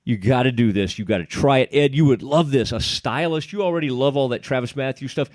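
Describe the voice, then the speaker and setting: Speaking briskly in a medium, darkish voice, a middle-aged man with an East Texan accent handles casual sports podcast talk and a host-read ad. He's jokey and enthusiastic, and the studio sound is clean with no echo.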